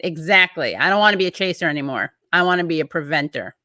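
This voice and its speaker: Woman host just chatting, kinda rambly, bright voice, dry sound. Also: on the low side, expressive, moderate pace, dry recording. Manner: chatty, rambling, breaks off mid-thought. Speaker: show host. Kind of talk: casual livestream chat, reading viewer comments.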